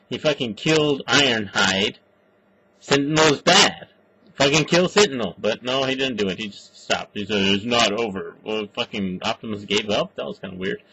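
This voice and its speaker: A man's voice: medium pitch, sharp tone, slight background noise, poor audio. A man reviewing a movie in casual, rambling chat, swearing often and stopping on lots of fillers. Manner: profane, halting, full of fillers.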